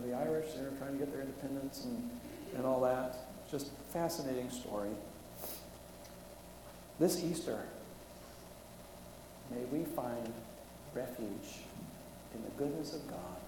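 A man's voice: medium pitch, noisy background. A middle-aged man preaching a sermon as a pastor, telling a story earnestly and holding back his emotion. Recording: echoey hall from far off, faint ambience.

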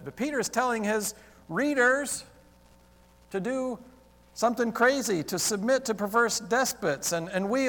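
A male pastor preaching a sermon, talking with the congregation and acting out exclaimed questions in an animated way. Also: sits high, in a large hall. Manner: animated, interacts with congregation, acts out quoted exclamations. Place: church sanctuary.

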